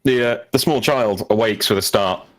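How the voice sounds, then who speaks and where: A man's voice: fairly low pitch, moderate pace. A man narrating as game master of a tabletop game, laid-back and sweary.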